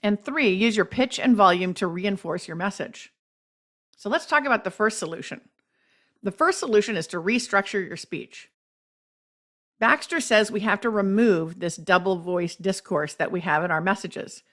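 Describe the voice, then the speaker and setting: A woman podcast host reading a scripted explanation of speech tips in a measured, instructive way. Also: mid-range voice, animated, a bit bright.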